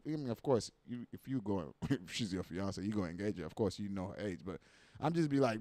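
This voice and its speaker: A man's voice: medium pitch, expressive, fast talker, darkish tone, no room sound. A man hosting a livestream, reacting to viral clips in casual, slangy, profane talk full of rhetorical questions.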